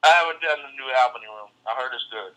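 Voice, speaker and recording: An American comedian in casual chat with a very bright, forceful voice. He talks animatedly and keeps breaking into loud, emphatic bursts. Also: medium pitch, rapid-fire, rough recording. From United States.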